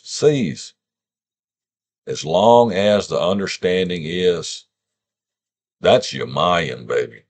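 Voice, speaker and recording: Male teacher, deep and unhurried, casual lesson talk that sounds words out aloud. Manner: informal, sounds out words, rhetorical questions. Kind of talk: scripture lesson.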